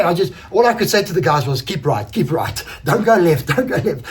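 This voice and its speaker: A man, an enduro racer casually recounting a race, animated, swearing freely and acting out quoted exchanges. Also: sits high, brisk, hardly any pauses. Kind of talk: casual race recap storytelling.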